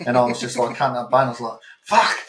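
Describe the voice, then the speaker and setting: Man, Australian accent, podcast co-host, animated, swears freely, mid-pitched voice, echoey room. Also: rapid-fire, a little hiss or hum. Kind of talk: casual chat. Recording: roomy echo.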